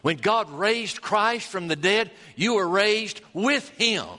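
A man preaching a sermon, folksy and storytelling, drawing out key words slowly. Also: high-pitched, expressive, bright, forceful tone. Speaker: pastor. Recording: long hall reverb.

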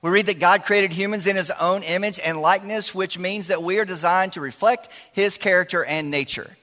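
A man's voice: high-pitched, fairly quick. A man, preaching to teenagers and the church in a chatty, joking way. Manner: lively, chatty, jokes with the crowd. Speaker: youth pastor. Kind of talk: sermon. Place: large church hall. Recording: long hall reverb.

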